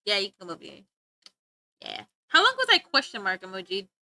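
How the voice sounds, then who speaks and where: A woman's voice: medium pitch, huge pitch swings, fairly quick, bright, forceful tone, no room sound. A woman streaming live, chatting casually with her viewers, often giggling and talking back to chat. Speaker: livestreamer.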